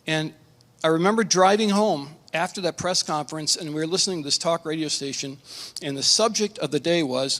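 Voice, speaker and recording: A middle-aged man, a pastor, telling a personal testimony at a conference, earnest and emotional, with halting restarts. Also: fairly high pitch, fairly bright tone. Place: conference hall. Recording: reverberant conference hall.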